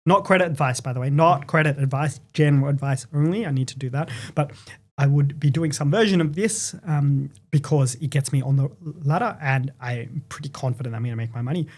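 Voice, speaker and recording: A man's voice: mid-range voice, brisk, dark tone. An Australian man hosting a podcast in enthusiastic, jokey casual chat. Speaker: podcast host.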